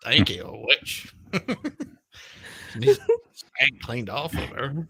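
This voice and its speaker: Casual chat voice, woman, bright and husky, teasing. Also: extremely low pitch, wildly swooping pitch, slow, no room sound. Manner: teasing and giggly.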